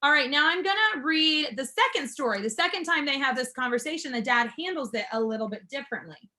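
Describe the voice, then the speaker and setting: A woman's voice: high-pitched, expressive, a little fast, bright, forceful tone. A woman instructor teaching a class, explaining step by step in an upbeat, encouraging manner. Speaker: martial arts school instructor.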